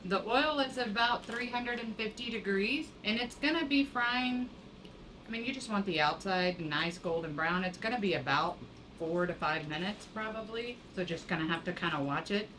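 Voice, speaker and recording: A woman co-hosting a cooking show, explaining each step in a relaxed, casual way. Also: medium pitch, normal speed, slight background noise, rough recording.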